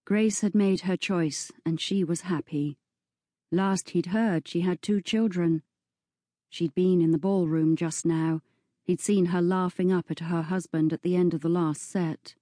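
Woman narrator, slow even storytelling, low mellow voice, dry close sound. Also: dry recording. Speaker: audiobook narrator. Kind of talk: scripted narration.

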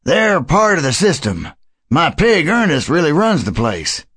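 A kind old grandpa, voiced by a male narrator talks gently and warmly to guests and pets, his voice lifting with lively ups and downs. The storybook read is dry and near the mic. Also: fairly high pitch, measured pace, breathy edge, no echo, voice pushed up, heavily acted. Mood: kindly. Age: older. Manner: gentle, welcoming. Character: kindly hospitable grandfather who keeps animals. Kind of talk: audiobook character voice.

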